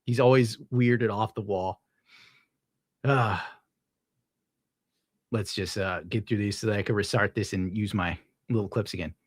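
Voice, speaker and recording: A man's voice: lowish voice, fairly even intonation, measured pace, pauses often, no room sound, clean studio sound. Laid-back swearing man ranting to viewers. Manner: profane, rambling, laid-back. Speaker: streamer reading donations. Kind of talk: casual rant to viewers.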